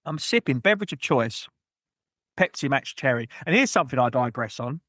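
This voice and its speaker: A man hosting a gaming podcast on his own, rambling through shout-outs and jokey, self-mocking asides. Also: medium pitch, expressive, a little fast, dry recording, clean studio sound. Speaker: podcast host. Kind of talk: solo gaming podcast chat.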